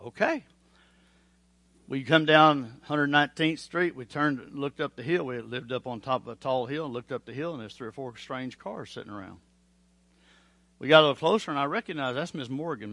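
Bright-voiced preacher, hushed then loud. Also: male voice, mid-range voice, no echo. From Oklahoma. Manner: swings from hushed pleading to loud storytelling. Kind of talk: sermon with altar call and personal story.

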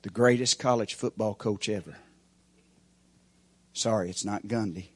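A man preaching a sermon as pastor, with folksy grammar, swinging from shouted peaks to hushed, quiet lines. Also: lowish voice, a little slow, slightly rough, no echo.

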